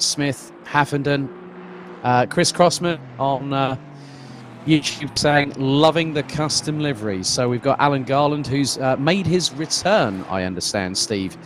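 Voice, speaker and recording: On a sim race stream, the lead commentator talks in an unhurried, conversational way, stumbling through fillers and starting sentences over while reading viewers' comments aloud. His voice is mid-range, with a slight hiss or hum in the background.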